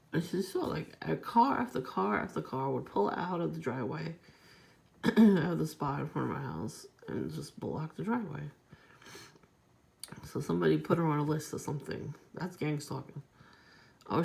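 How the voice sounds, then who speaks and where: A woman's voice: low voice, creaky, a little mellow. A woman vlogger telling a long, aggrieved story in a rambling, profane, casual monologue.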